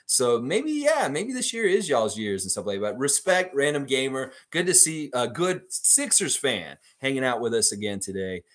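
A man with a medium-pitched voice hosts a fan livestream in a loose, chatty way. He reads out viewer comments, breaks into easy laughter, and wanders off into rambling asides. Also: very animated, normal speed, hardly any pauses, a bit bright. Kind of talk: casual chat, reading out live comments.

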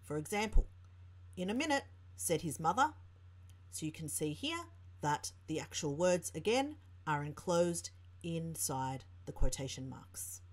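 Woman tutor, Australian accent, husky low voice, lively pitch, lesson narration. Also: measured pace. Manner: clear explaining, reads example sentences aloud.

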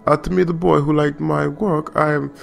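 A man putting on a British accent to play a surprised male author, in a high, strained put-on voice. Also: fairly even intonation, normal speed, vocal fry. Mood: amazed.

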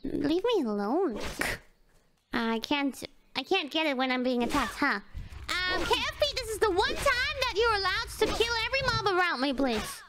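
Very high-pitched, lively woman streamer. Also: normal speed, heavy background noise. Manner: excitable, laughs often, swears casually. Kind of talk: gaming livestream commentary. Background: game music.

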